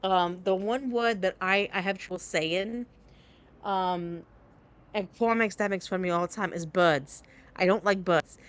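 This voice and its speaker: A chatty streamer, a woman whose voice sits at an ordinary middle pitch. She talks to her chat in a loose, candid ramble, circling back and restarting her thoughts as she plays. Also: steady tone, normal speed, clear, resonant tone. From New Jersey. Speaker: game streamer. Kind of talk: casual live-stream chat.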